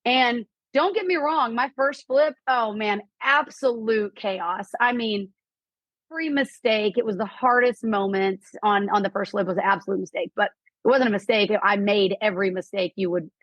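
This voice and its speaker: A woman guest on a podcast telling a personal story, animated and quoting people in lively voices. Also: mid-range voice, normal speed, no room sound, lo-fi sound. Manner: animated, quotes herself and others in lively voices. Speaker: podcast guest, real estate investor. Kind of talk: storytelling in an interview.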